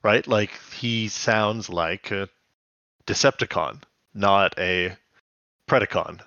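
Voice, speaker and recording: A man's voice: on the low side, slow pace, sharp tone, no room sound, highs cut off. A man co-hosting a podcast in casual chat, rambling and giggly. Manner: rambling, giggly, puts on jokey quotes. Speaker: podcast co-host.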